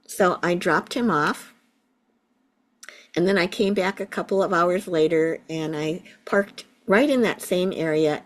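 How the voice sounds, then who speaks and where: A middle-aged woman, a Buddhist teacher, gently telling a personal story in an interview. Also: lowish voice. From United States. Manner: slow, gentle, reflective storytelling.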